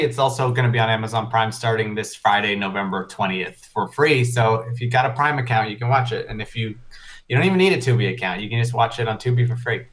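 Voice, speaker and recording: A man talking as a guest director in a modest, easygoing way. His voice sits at a middle pitch, and he laughs easily. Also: fairly bright tone. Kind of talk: casual interview chat.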